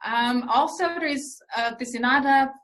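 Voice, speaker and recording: A woman's voice: high voice, fairly bright tone, rough recording. Earnest woman researcher explaining. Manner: earnest, explains with many pauses and fillers. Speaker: researcher guest. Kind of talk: conversational interview answers.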